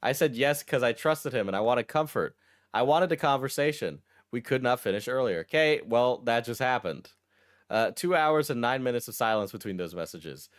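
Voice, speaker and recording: A male streamer casually reading a post aloud and breaking off for wry, deadpan asides. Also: medium pitch, normal speed. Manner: wry, deadpan asides between read passages. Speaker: streamer reacting to a text post.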